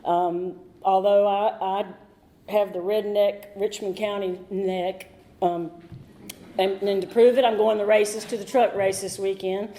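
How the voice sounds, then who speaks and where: Her voice mid-range and warm, with little pitch movement, a middle-aged woman from North Carolina speaks at a measured pace. In a meeting room she gives a candid, somewhat rambling and occasionally emotional recovery talk.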